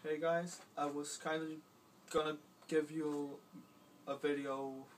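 A man's voice: a little high, flat delivery, takes it slowly, distant mic, heavy background noise. A young man doing an odd, dreamy quirky guy.

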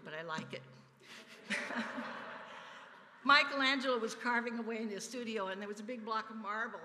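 An older woman giving an earnest personal testimony during a church service, telling stories with soft laughs. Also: medium pitch, a little hiss or hum. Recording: reverberant church sanctuary.

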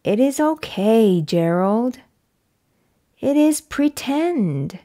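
A woman voicing a cheerful, playful girl pig in a slow, lively children's picture book read-aloud. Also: on the high side, exaggerated voice. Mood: reassuring.

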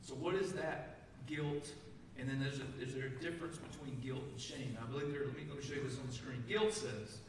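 A pastor from Texas delivering a conversational sermon, asking the congregation questions and reading scripture in a church sanctuary. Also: male voice, mid-range voice, fairly quick, few pauses, background noise. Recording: echoey church hall, mic from a distance.

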